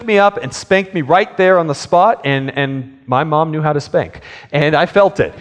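A man's voice: on the high side, normal speed. A man preaching a sermon, telling a childhood story in an earnest way and acting out pleading lines. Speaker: pastor. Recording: long hall reverb.

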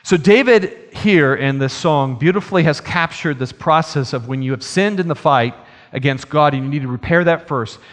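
Male preacher, earnest sermon delivery that builds and slows for emphasis, slightly raised pitch, long reverb. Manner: earnest, swells in emphasis and slows on key phrases.

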